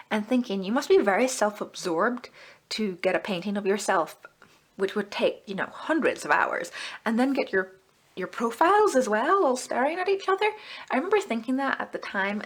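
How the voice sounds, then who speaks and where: A woman vlogging a casual magazine review, chatty and enthusiastic, her pitch jumping up when she gets excited. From Britain. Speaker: book club vlogger.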